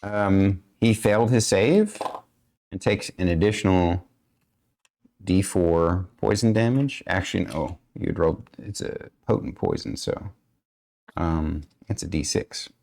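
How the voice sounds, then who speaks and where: Low-ish guy dming a d&d stream, lots of ums and throat clearing. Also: measured pace, darkish tone. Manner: rambling, many fillers and throat-clearing. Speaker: dungeon master. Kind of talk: running a tabletop game stream.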